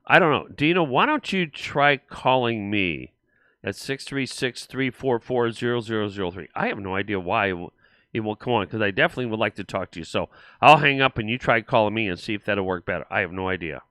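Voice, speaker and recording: A man hosting a casual political talk show, stressing words with slow sarcastic emphasis. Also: lowish voice, lively intonation, a bit bright, dry recording. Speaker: show host.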